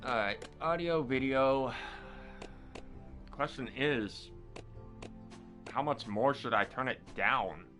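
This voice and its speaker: A man's voice: medium pitch, slow pace, long pauses, bright, forceful tone, soft background music. A man giving casual gameplay commentary, chatting to his viewers and muttering at the game. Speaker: gamer streamer.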